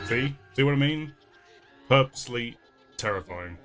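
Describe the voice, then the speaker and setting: A man hosting a casual movie reaction, chatty, with lots of fillers and frequent laughs. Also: a little high. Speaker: YouTube reaction host.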